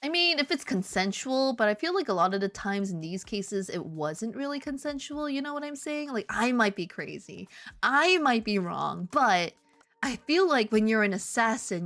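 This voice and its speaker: A woman's voice: mid-range voice, lively intonation, normal speed, a bit bright, faint music behind. Playful rambling woman streamer. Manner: playful, rambling, with theatrical outbursts. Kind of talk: casual live-stream chat while drawing.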